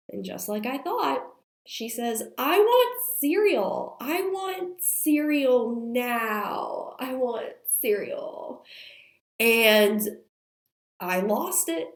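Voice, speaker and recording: A woman in her thirties, sick and straining her voice, hosting a podcast and telling a candid story with plenty of fillers. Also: a little high. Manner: chatty and confessional, many fillers. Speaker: podcast host. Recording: roomy echo.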